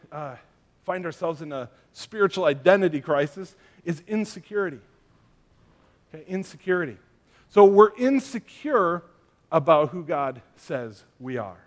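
Higher-voiced man preaching conversationally. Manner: conversational, chatty with fillers and asides; tells family stories with humor. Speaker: pastor. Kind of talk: sermon.

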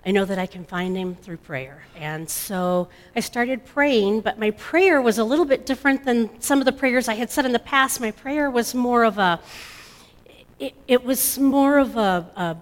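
A middle-aged mother giving an emotional personal testimony, halting and restarting often. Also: fairly high pitch. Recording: long hall reverb.

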